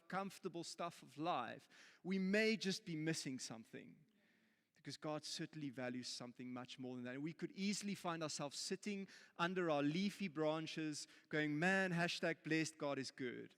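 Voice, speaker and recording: A South African pastor with a slightly high voice tells a story during his sermon, starting playful and jokey and then growing earnest. He's in a church auditorium, and the sound carries the feel of a large hall.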